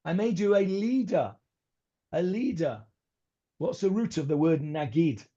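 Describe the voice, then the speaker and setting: A man's voice: on the high side, lively intonation, unhurried, dark tone. A man teaching a Bible class as a rabbi, talking informally with many fillers and restarts and mixing in Hebrew verses. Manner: mixes in Hebrew words and verses. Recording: dull lo-fi recording.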